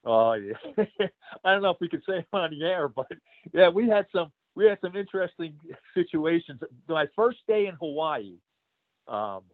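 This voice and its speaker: A man's voice: mid-range voice, dry recording. A man, a retired pro wrestler, telling road stories in a casual interview, rambling with many fillers and laughs. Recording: tinny phone-like line.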